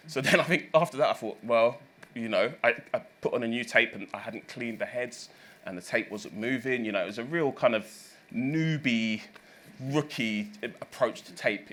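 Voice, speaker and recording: In this reflective interview, a man in his thirties who works as a recording engineer recounts stories, often correcting himself and leaning on fillers as he rambles. He has a mid-range, fairly bright voice and speaks a little fast.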